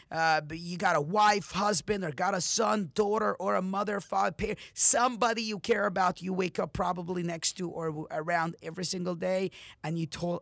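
A man's voice: on the high side, creaky, fairly bright tone, no echo. A man hosting a motivational podcast, giving a blunt, profane pep talk straight to his listeners. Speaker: podcast host, motivational speaker. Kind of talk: motivational monologue.

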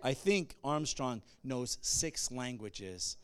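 A male pastor giving a sermon, moving between conversational asides and loud call-and-response bursts. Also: mid-range voice, lively intonation, slow, clean tone.

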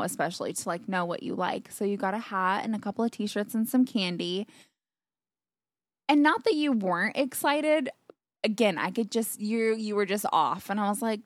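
A young woman telling a story in relaxed conversation, her voice sitting at an ordinary middle pitch. She laughs often and acts out what was said, recorded close and dry with no room sound. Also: dry recording. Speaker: podcast guest, fiancée. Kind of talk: casual storytelling chat.

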